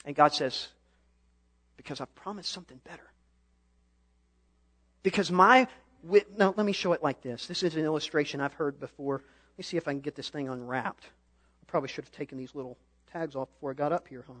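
Young male preacher, high voice, storytelling sermon that swells to shouting. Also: fast talker. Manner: storytelling, builds to impassioned shouting. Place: church stage.

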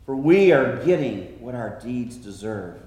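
Slow-preaching man in an echoey hall. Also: mid-range voice, sing-song. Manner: slow, earnest preaching with soft, hushed quotations. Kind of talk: sermon.

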